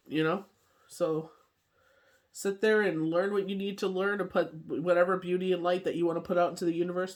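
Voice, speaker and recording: A woman's voice: fairly low pitch, darkish tone. Tired woman doing a daily tarot reading, super chatty and rambly, lots of "you know", laughs a lot. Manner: laughs often while telling stories. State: tired from coughing fits. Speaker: tarot card reader.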